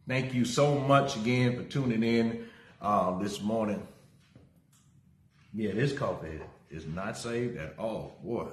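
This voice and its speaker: A man's voice: lowish voice, takes it slowly. A middle-aged male pastor giving a casual livestream sermon. He talks energetically, greets viewers by name and tells a story from his own life. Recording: roomy echo.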